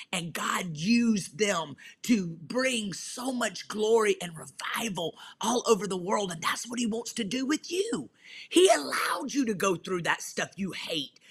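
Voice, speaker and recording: Woman, pastor, fervent preaching style, bright voice, husky. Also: mid-range voice. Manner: fervent, emphatic, folksy slang. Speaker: pastor and author, guest.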